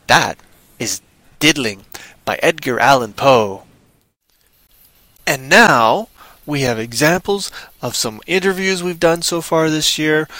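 A man hosting a podcast, reading a story aloud in a measured, expressive way and then chatting with a wry tone. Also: on the high side, dry recording, poor audio. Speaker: podcast host.

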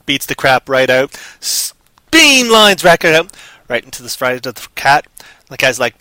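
Co-hosting a livestream, a man improvises goofy, random stories in an animated mid-range voice that's bright and forceful. He keeps a moderate pace, and the recording is dry.

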